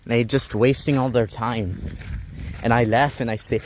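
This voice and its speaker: A man's voice: medium pitch, fairly even intonation, moderate pace, darkish tone, slight background noise. Rambling young man vlogging outdoors. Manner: rambling, joking and griping. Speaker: live-streaming explorer. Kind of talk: casual live-stream vlog. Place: outdoors on a rural mountain road, walking.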